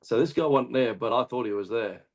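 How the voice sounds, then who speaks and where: A man with an Australian accent, a hunting guest telling a story in casual chat, animated and swearing often. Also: medium pitch, a little fast. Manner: animated, swears often, acts out shouted quotes. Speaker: guest hunter.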